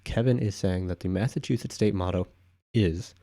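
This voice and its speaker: A man's voice: low voice, normal speed, dark tone. A man hosting a casual live stream, rambling offhand through viewer comments with frequent asides. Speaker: livestream host.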